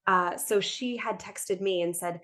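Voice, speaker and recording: A woman guest on a podcast, chatting casually and telling her stories in a lively way, often breaking into laughter. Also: medium pitch, a little slow. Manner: animated storyteller, laughs often. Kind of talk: casual conversation.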